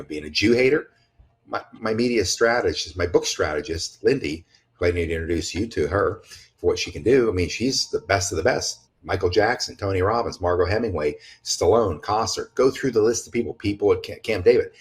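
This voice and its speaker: Low-voiced guy on a podcast, blunt and emphatic, swears a lot, rambles and restarts. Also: a little fast. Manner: rambling with frequent restarts and asides. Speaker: podcast guest speaker. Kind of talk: casual conversational podcast talk.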